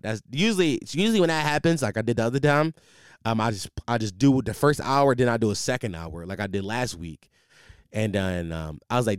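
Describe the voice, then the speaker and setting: A man's voice: fairly low pitch, a little fast, clean tone, no room sound. A tired young man hosting a casual, profane podcast monologue from a home setup on a studio mic. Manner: animated, profane, rambling with restarts. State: tired, sleepless. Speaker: podcast host. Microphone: studio microphone.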